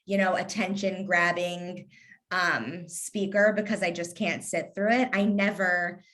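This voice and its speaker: With a fairly low, steady, slightly bright voice, a woman in her thirties talks without hurry as a guest in a casual interview. She's a lifestyle influencer from Kentucky with a light Southern accent, and her humor is sarcastic and quick, with easy laughter.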